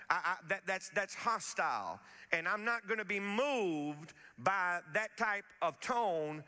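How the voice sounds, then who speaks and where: Bright-voiced preacher in a reverberant hall. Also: male voice, sits high. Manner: repetitive restarts, emphatic preaching, quotes scripture slowly. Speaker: pastor. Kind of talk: sermon.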